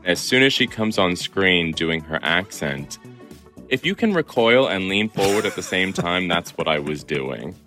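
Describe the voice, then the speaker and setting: A man who writes as a columnist, talking as a guest in a playful, animated way. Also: low voice, measured pace, soft background music. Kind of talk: interview conversation.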